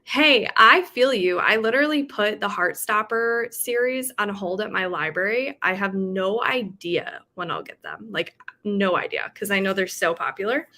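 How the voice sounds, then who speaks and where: A woman's voice: medium pitch, animated, moderate pace, few pauses, pushed and bright. A woman hosting a casual livestream, chatting about books and reading viewer comments with lots of fillers. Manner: chatty, with frequent fillers and laughs. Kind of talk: casual chat.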